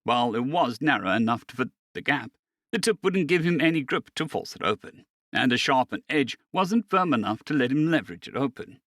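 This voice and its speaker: A man narrating a science fiction story in a steady storytelling manner. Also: mid-range voice, brisk, no echo, clean studio sound. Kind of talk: scripted narration.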